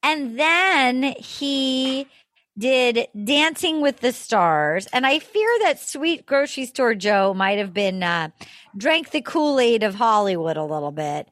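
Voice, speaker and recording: A woman hosting a casual chat, telling stories in a gushing, animated way. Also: fairly high pitch, takes it slowly, no room sound. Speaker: podcast host.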